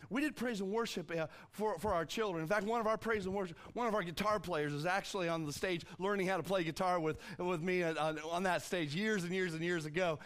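Animated man preaching a sermon. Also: brisk, few pauses. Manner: animated, acts out quotes with jumps in pitch; restarts and repeats words often. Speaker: pastor.

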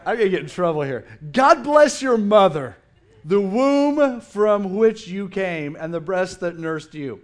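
A middle-aged man preaching a sermon in a church, playful and animated, acting out the people he quotes. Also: sits high, unhurried. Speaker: pastor. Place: church sanctuary.

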